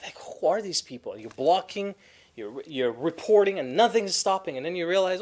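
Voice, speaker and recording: A man with a fairly high voice teaches a Quran class conversationally, telling stories in an animated way and acting out quoted spouses in different voices. He also recites Arabic verses quickly.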